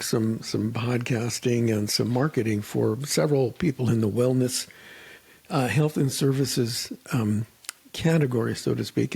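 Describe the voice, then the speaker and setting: Chatty gravelly-voiced male radio host. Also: medium pitch, warm tone. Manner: chatty, acts out joking quoted dialogue. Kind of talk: casual interview chat.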